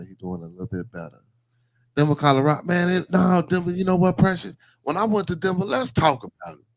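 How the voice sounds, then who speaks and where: A man's voice: lowish voice, no room sound. Man, podcast host, casual stream chat, loose rambling talk, dry close sound. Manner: loose and rambling, repeats phrases, many fillers. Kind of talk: casual livestream chat with viewers.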